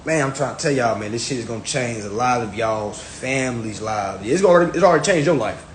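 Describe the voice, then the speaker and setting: A man's voice: medium pitch, lively intonation, fairly quick. A man talking casually on a livestream, emphatic and profane, often repeating his phrases. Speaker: social media livestreamer. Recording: echoey room with faint background noise.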